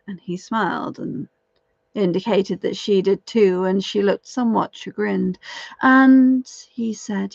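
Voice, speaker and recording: Slow gravelly woman storyteller. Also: medium pitch, fairly even intonation, a little mellow, no echo. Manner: dramatic, lingering on repeated phrases. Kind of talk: spoken-word folk tale telling. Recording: dull, dry lo-fi recording.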